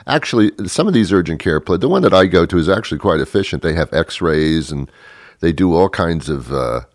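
A man's voice: sits low, animated, brisk, no room sound. A man hosting a radio show, rambling through a dry, self-mocking comic monologue and chuckling as he goes.

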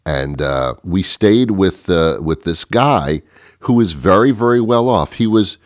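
A man's voice: deep voice, lively intonation, measured pace, dry recording, studio quality. A middle-aged man hosting his own show, drifting through a comic monologue full of mock outrage and chuckles. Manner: mock-indignant, chuckling, meandering. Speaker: podcast host.

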